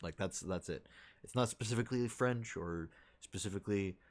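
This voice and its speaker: A man's voice: on the low side, normal speed. A man streamer chatting casually with his viewers, thinking aloud in rambling, restarting sentences.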